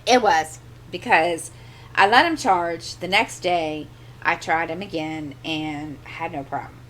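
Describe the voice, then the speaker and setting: A middle-aged woman with a fairly low voice talks casually into a desk microphone in her home craft corner. She rambles through an exasperated story and keeps doubling back with asides. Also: slow pace, fairly bright tone, slight background noise. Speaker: crafting channel host. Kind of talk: casual chat.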